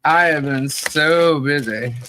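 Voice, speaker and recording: Hoarse woman hosting a relaxed livestream. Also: low voice, slow pace, slight background noise. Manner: chatty, laughs often while greeting viewers. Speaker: podcast co-host. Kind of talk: casual livestream chat.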